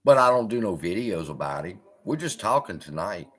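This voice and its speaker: A man's voice: sits low, a little fast, husky. A man hosting a live stream, chatting casually and swearing often as he answers viewers. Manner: profane, animated, heckling chat. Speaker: host.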